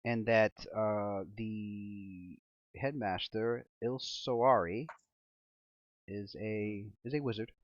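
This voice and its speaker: Male game master, slow and halting, dry lo-fi sound. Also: on the low side, steady tone, dry recording. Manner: halting, with many fillers. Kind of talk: narrating a tabletop game.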